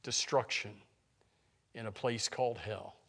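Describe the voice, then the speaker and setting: Speaking slightly slowly in a gravelly, somewhat rough voice, a pastor preaches to his congregation. He swings between thunderous claims and quiet, low lines, posing rhetorical questions along the way.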